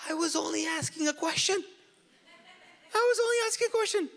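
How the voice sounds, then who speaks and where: A man's voice: very high-pitched, a little fast, vocal fry, fairly bright tone, long reverb tail, pitched above the performer's own voice, exaggerated voice. A man voicing a young shepherd boy who protests and stammers in confusion. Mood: baffled protest.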